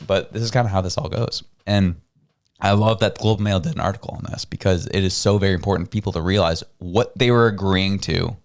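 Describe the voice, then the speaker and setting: A low-pitched man with a gravelly edge to his voice, co-hosting a casual political talk stream. He talks in an animated way, laughs easily and reads out viewer messages with enthusiasm. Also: fast talker.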